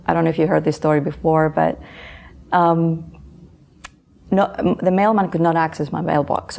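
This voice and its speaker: A middle-aged woman, an author and interview guest, earnestly telling a personal story and often answering with quick yeses. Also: low-pitched, creaky, a little mellow. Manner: earnest, repeats words, frequent affirming yeses.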